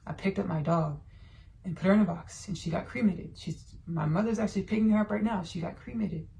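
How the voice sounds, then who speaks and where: A woman with a mid-range voice and a gravelly, fry-laced texture hosts a spiritual podcast. She speaks slowly and meditatively, drawing out her words. She moves between a channeled monologue and personal sharing. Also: mid-range voice, mellow. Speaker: podcast host.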